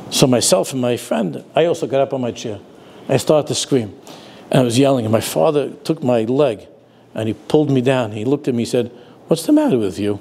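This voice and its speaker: A man's voice: mid-range voice, warm tone, slight background noise. An older man, a rabbi giving a sermon, telling stories and dropping Yiddish and Hebrew words into his talk.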